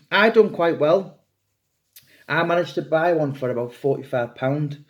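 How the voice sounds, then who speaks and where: Middle-aged man, author, loose rambling chat, voice sits a touch high. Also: expressive, unhurried. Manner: rambling, chatty, swears casually. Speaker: true crime author. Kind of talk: casual monologue to camera.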